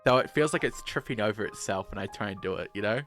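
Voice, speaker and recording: A man's voice: fairly low pitch, quick pace, a bit bright, faint music behind. A man in his twenties with a New Zealand accent, chatting casually on a game stream, rambling and swearing often. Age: 20s.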